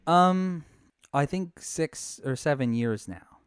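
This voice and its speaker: A man being interviewed as a podcast guest, soft-spoken and chatty, often laughing. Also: fairly high pitch, animated, takes it slowly, clean tone, dry recording, clean studio sound. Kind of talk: casual interview chat.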